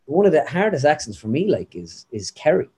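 This slightly high, brisk male voice belongs to a young impressionist from Ireland with a Midlands accent. Appearing as an interview guest, he chats casually in an animated, rambling way.

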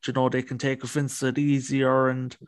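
A man's voice: medium pitch, monotone, fairly quick, dry recording. A man hosting an interview podcast, asking loose, rambling questions with fillers. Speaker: podcast host. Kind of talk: casual interview chat.

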